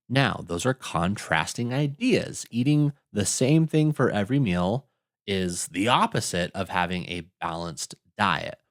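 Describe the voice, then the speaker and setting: Male test prep tutor, low voice, lively ups and downs, dry close mic. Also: no echo. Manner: lively, explanatory teacher tone, asks rhetorical questions. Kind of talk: explaining grammar questions on screen.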